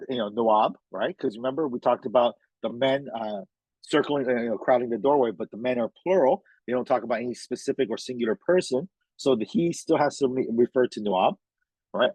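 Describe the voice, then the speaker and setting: A man with a somewhat husky voice at an ordinary middle pitch teaches a reading lesson, breaking sentences down in a relaxed, chatty way. He keeps checking in with "okay?" and "right?" after nearly every point. The sound is close and dry, with no room around it. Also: dry recording, low-quality recording. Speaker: test prep tutor.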